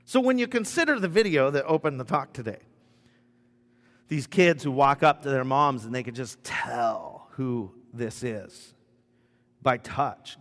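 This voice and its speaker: A man's voice: mid-range voice, a bit bright. A middle-aged man preaching a conversational sermon with humor and frequent restarts. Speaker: pastor. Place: church sanctuary. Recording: long reverb of a church hall.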